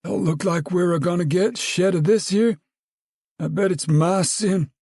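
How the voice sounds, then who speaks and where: A man's voice: high voice, unhurried, darkish tone, husky, no echo, clean studio sound, voice pushed up, heavily acted. A man doing a whining guilt-ridden uncle. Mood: gloomy.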